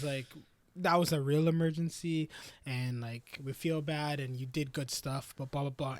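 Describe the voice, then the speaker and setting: A man's voice: on the high side, steady tone, normal speed. A young man co-hosting a casual podcast, retelling anime scenes with slangy voiced quotes. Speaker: podcast co-host. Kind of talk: casual podcast chat, recapping an anime episode.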